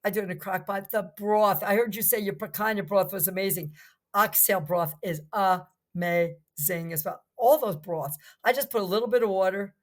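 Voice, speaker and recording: A woman's voice: mid-range voice, moderate pace. An older woman from New Jersey, a podcast guest chatting casually, enthusiastic and rambling, full of restarts. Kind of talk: casual chat.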